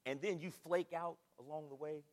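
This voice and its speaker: An older man preaching a sermon in a church, animated, full of rhetorical questions and repetition. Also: fairly high pitch, moderate pace, big-room sound. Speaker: pastor. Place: church sanctuary.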